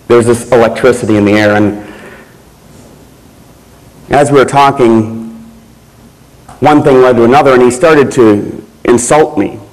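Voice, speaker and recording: Man telling a personal story, measured. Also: medium pitch, darkish tone, rough recording. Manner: slow, measured storytelling with pauses. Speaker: keynote speaker.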